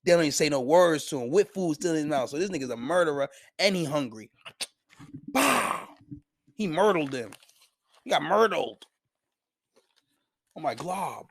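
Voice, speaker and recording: A young man reviewing anime in a casual vlog, with a slangy, profane, animated retelling and frequent laughs. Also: on the high side, quick pace, no echo. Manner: laughs often.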